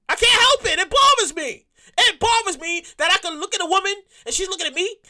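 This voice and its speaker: A man with a high, bright voice rants through his comedy bit, getting worked up and looping back on the same phrases. His pitch swings widely as he goes. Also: moderate pace. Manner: excitable, rambling, repeats himself often. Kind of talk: rambling comic monologue.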